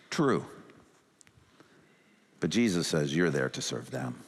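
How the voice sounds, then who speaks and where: A man's voice: measured pace, vocal fry, long pauses. Man preaching in a reverberant church. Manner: animated preaching, acting out quoted inner thoughts in shifting pitch. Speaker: pastor. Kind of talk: sermon. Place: church sanctuary.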